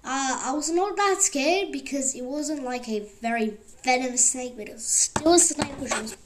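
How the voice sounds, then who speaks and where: A woman hosts a podcast, talking loosely and rambling with plenty of fillers like "like" and "actually." Her voice is high-pitched, she speaks at normal speed, and there's noise in the background.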